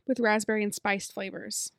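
A woman's voice: mid-range voice, little pitch movement, moderate pace, vocal fry, no echo, studio quality. A young woman co-hosting a podcast, chatting in an easygoing, agreeable way. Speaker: podcast co-host. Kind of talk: casual chat.

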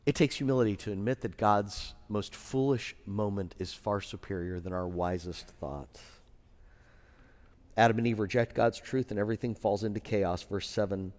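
A man pastor preaching a sermon in a conversational way, with wry asides and quieter serious points. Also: lowish voice, animated, normal speed, in a large hall.

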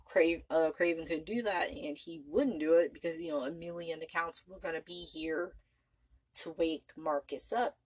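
A woman's voice: low voice, moderate pace, slightly rough, no echo, rough recording. A woman hosting a podcast, recapping a vampire film in a rambling, profane, casual way. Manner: rambling, profane, full of "you know" and "like". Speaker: podcast host.

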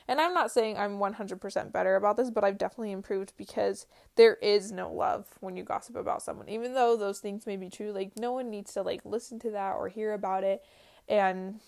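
Earnest young woman with a creaky voice. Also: medium pitch, fairly even intonation, a little fast. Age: early 20s. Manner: earnest, uses many "like" fillers. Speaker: vlogger. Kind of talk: casual faith-based personal talk.

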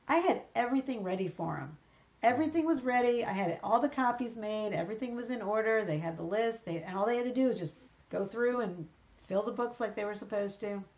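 A middle-aged woman chats casually as a podcast co-host, with a voice set a little high. She tells everyday stories and acts out the exchanges. The recording sounds a bit muffled and lo-fi. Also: darkish tone. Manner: chatty storyteller, acts out quoted exchanges. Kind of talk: casual chat. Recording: slightly dull lo-fi sound.

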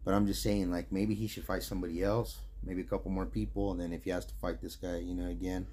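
A man's voice: deep voice, flat delivery, fast talker, darkish tone, slight background noise. A man co-hosting a podcast in easygoing chat, swearing and asking "you know what I mean?". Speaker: podcast co-host. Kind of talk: casual chat.

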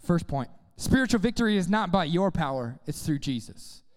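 High, clear-voiced youth preacher. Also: male voice, normal speed, long reverb tail. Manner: energetic, casual, call-and-response with youth. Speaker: youth pastor. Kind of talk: sermon.

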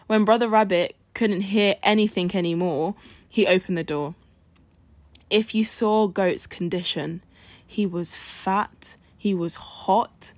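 A woman's voice: mid-range voice, slow pace, no room sound. Woman telling a folk tale on a podcast. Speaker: podcast host. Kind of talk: storytelling narration.

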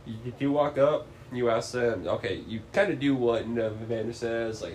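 A man's voice: mid-range voice, fairly even intonation, moderate pace, hardly any pauses. A young man hosting a casual chat, stammering and joking as he talks. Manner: stammering, joking, laughs often. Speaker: podcast host. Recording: faint background noise.

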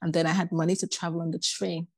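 Low, gravelly woman telling her story. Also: quick pace, dry recording. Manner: animated, acts out quoted voices. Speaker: podcast guest. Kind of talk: casual personal storytelling.

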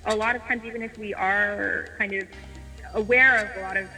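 A guest on a podcast speaks with a high, gravelly voice and thinks aloud, leaning on filler words. He sounds sharp and very bright. He is set back from the mic in a long, echoing space with faint music behind. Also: fairly even intonation, normal speed. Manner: thoughtful, heavy use of filler words. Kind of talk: casual conversation.

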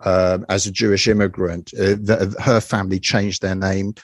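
A man's voice: sits low, level tone, moderate pace, dry recording, studio quality. A man hosting a weekly review show, talking casually with many fillers and restarts. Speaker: host.

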